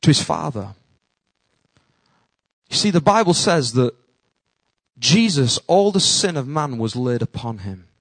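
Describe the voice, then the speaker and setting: A male pastor preaching a sermon, dropping to a hush and then rising to loud calls. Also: medium pitch, very animated, unhurried, pauses often, no room sound, rough recording.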